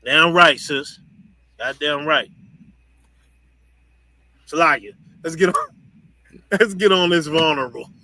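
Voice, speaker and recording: Speaking slowly with long pauses, a man with a slightly high, sharp voice lectures an online audience as the teacher leading a group discussion. His manner is blunt, profane and scolding; he laughs between points and keeps asking "you understand?". The recording is rough.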